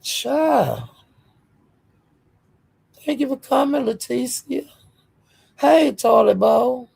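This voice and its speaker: A woman's voice: high-pitched, unhurried, creaky, darkish tone, slightly rough. A woman hosting a casual livestream, greeting viewers by name and speaking bluntly and defiantly. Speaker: livestream host.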